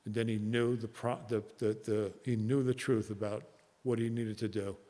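A man with a New Jersey accent speaking at a recovery meeting, telling a personal story earnestly and haltingly, with many fillers. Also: fairly low pitch, level tone, mellow. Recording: long hall reverb.

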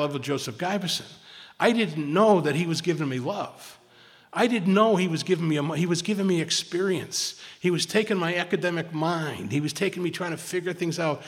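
Gravelly man rambling in a reverberant hall. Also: high-pitched, fairly bright tone. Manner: rambling, repeats words, self-mocking humor. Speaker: speaker at a recovery meeting. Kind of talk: casual sharing talk.

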